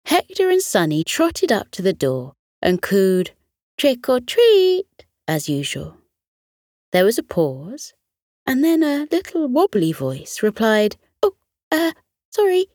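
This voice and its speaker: Slow, soothing bedtime storyteller woman. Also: medium pitch, no room sound, studio quality. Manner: gentle, soothing, expressive.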